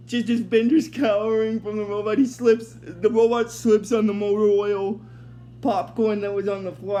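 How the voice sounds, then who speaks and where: A man's voice: high voice, dark tone, slight background noise. A man casually recapping a cartoon episode, rambling and hesitant with many fillers, apologizing when he drifts.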